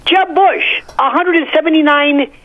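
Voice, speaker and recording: A man's voice: very high-pitched, moderate pace, phone-quality sound. A man giving wry, emphatic media commentary, telling stories with theatrical flair. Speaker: legal and media analyst. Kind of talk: opinionated commentary, animated storytelling.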